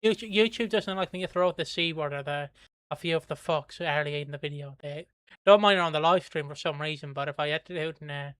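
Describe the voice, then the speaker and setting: A man's voice: a little high, fast talker, fairly bright tone, clean tone, no room sound, clean studio sound. An Irish man hosting a livestream, commenting on a soap episode in a rambling, chatty way and swearing freely. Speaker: host.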